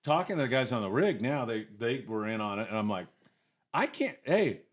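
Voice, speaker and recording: A middle-aged man casually telling lively anecdotes, often acting out other people's voices. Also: lowish voice, fast. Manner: animated anecdotes, acts out voices. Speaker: guest. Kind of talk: casual storytelling.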